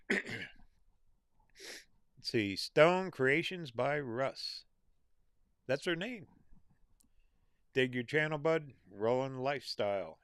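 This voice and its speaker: A folksy American man in middle age hosts a relaxed live stream, greeting viewers by name. He talks slowly and unhurriedly at a medium pitch. The sound is dry and close, with no room around it. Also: smooth, dry recording. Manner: easygoing, folksy, reads out viewer names and greetings. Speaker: livestream host reading viewer comments. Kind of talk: casual live chat.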